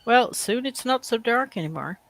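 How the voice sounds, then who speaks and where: A man's voice: extremely high pitch, expressive, normal speed, vocal fry, a bit bright. A man from Sweden with a Swedish accent, chatting casually in slightly broken English and musing aloud. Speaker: chat participant. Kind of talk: casual voice chat.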